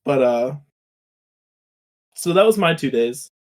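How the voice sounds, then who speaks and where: A man's voice: medium pitch, lively intonation, slow. A young man co-hosting a podcast, telling rambling, profane stories that drift into rants. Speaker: podcast co-host. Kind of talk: casual chat.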